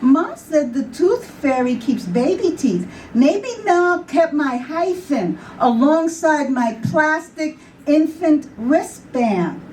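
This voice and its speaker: Slow, high-voiced New York poet, storytelling live, mic some distance away with faint room noise. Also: female voice, expressive, a little mellow. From New York City. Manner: storytelling with acted voices and laughter. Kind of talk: live poetry reading. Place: bar with live audience.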